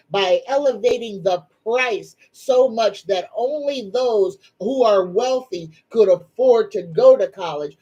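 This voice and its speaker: A woman's voice: mid-range voice, breathy edge, rough recording. A middle-aged woman, hosting a live psychic chat in a folksy, emphatic, preachy way. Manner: tearful, soft-spoken. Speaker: psychic livestream host. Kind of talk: casual live-stream chat.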